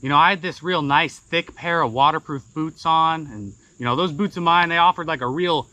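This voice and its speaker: A man spins a folksy tall tale in a relaxed, rambling way, padding his lines with easy fillers. His voice sits a little high and rings bright and forward. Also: fairly quick, no echo, muffled recording. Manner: casual, rambling, many fillers. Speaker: storyteller.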